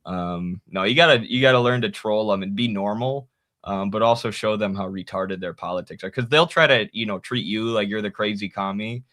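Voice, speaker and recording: A man co-hosting a political podcast, talking casually and telling animated stories with laughs. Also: fairly low pitch, fairly quick. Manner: animated storytelling, mimics others with laughs. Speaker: podcast co-host.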